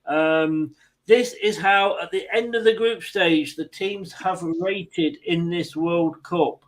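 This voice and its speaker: A high-pitched English man hosts a loose football chat. He talks easily, laughs often and restarts his sentences. The feel is relaxed banter among friends. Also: slow, rough recording. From England. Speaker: host.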